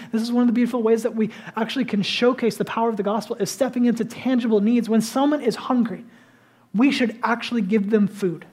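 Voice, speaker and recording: A man preaching a sermon in a high, light voice. He talks to the congregation in a relaxed, conversational way and is animated, then drops to a near-whisper to stress a point. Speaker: pastor.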